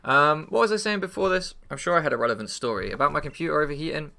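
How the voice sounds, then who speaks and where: Rambling young English host, bright voice with gravelly fry, swears and stumbles over his words. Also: on the high side, expressive, rapid-fire. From England. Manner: rambling, swears freely, loses his train of thought. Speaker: channel host and league player. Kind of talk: casual rambling chat before a match.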